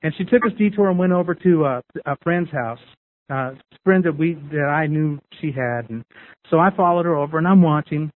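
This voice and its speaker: A man's voice: fairly high pitch, a little fast. A man candidly sharing his recovery story with a group, talking in a repetitive, storytelling way. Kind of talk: personal testimony to a group. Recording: tinny phone-like radio sound.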